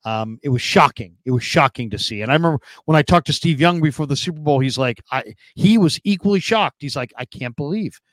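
A man's voice: fairly high pitch, lively intonation, a little fast, hardly any pauses, dry recording. Male sports talk host, dry sound. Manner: conversational, asks questions, hesitant fillers. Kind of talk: casual sports talk show chat.

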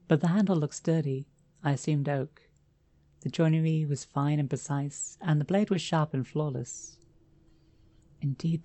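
A woman narrating a first-person horror story in a measured, dramatic reading. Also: low voice, dark tone.

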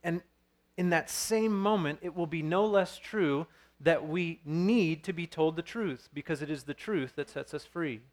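A man's voice: on the high side, measured pace. A man in his thirties preaching a sermon as pastor, earnest and storytelling, with frequent restarts.

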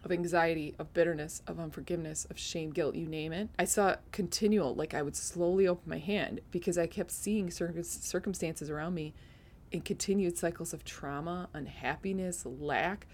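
A woman's voice: lowish voice, normal speed, darkish tone, slight background noise. A woman hosting a podcast, earnestly sharing a faith testimony, teary-eyed and laughing at herself at times. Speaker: podcast host.

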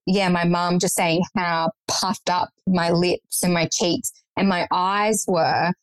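A woman's voice: fairly low pitch, fairly even intonation, slow, dry recording, poor audio. A young woman guest recounting a personal story in conversation, earnest and matter-of-fact.

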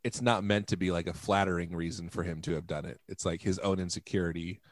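A man with a low voice, co-hosting a podcast and rambling through loose, playful talk. His words come close and dry, with no echo around them. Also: steady tone, quick pace. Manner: rambling, playful, sings snatches of songs. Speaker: podcast co-host. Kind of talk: casual chat.

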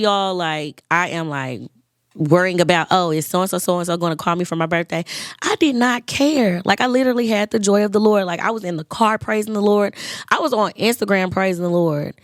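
A woman in her twenties hosting a podcast, chatting casually and lively, talking straight to listeners. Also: lowish voice, dry recording, studio quality. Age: 20s. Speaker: podcast host. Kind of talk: casual chat.

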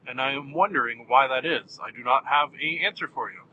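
A man's voice: mid-range voice, brisk, few pauses, sharp tone, lo-fi sound. A man hosting his own podcast in a rambling, self-mocking, jokey way, recorded in a car while driving. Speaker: podcast host. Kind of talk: casual rambling monologue.

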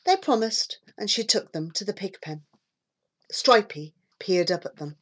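A woman reading a children's story aloud, with a lively, expressive delivery. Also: mid-range voice, unhurried, husky.

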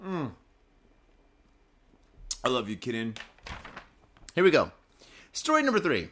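A man's voice: mid-range voice, huge pitch swings, slow, long pauses, a bit bright. A man hosting a casual podcast, drinking as he talks, rambling in a laid-back and profane way and reading out news stories. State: drinking booze while talking. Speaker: podcast host.

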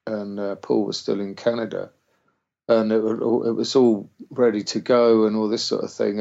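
A man's voice: lowish voice, creaky, a little mellow. A man, a musician guest casually telling a rambling story, swearing freely and acting out what people said. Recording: dull lo-fi sound.

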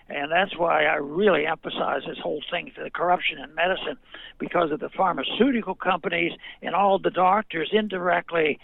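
A man's voice: sits high, gravelly, dry recording. Older man on a tinny phone line. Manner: halting, repeats words, many fillers. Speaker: guest, physician and former politician. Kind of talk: interview over a phone line.

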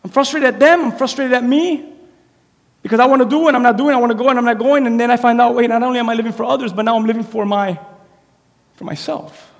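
High-voiced man preaching in a hall. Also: very fast. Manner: animated preaching, swinging from quiet to loud. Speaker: pastor. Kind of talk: sermon. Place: church sanctuary.

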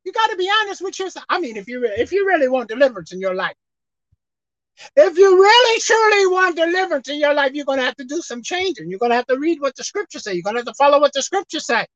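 Emphatic woman preacher, high and lively. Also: no echo, highs cut off. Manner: emphatic, swinging from loud exhorting to quiet asides, slowing to read scripture. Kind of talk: sermon.

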